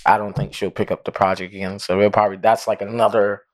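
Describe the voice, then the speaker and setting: A man's voice: fairly low pitch, level tone, fast. A man co-hosting a casual podcast, hesitant, often restarting his sentences, with some casual swearing. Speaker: podcast co-host.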